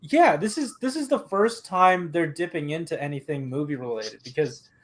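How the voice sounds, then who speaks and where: A blunt, excitable man co-hosts a live stream in a high voice. His pitch jumps all over as he speaks. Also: moderate pace. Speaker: podcast co-host. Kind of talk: casual live-stream chat.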